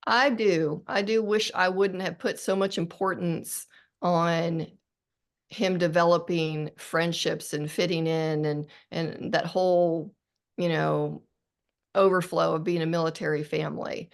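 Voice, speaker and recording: A woman's voice: fairly low pitch, fairly even intonation, unhurried, creaky. A middle-aged woman, an author guest on a podcast interview, talking earnestly and reflectively with frequent restarts.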